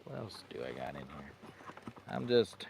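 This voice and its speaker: A man's voice: extremely low pitch, big pitch swings, moderate pace, vocal fry, darkish tone, a little hiss or hum. A man chatting casually on a livestream from inside his parked car camper, rambling and laughing at himself as he goes through his gear. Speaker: vlogger.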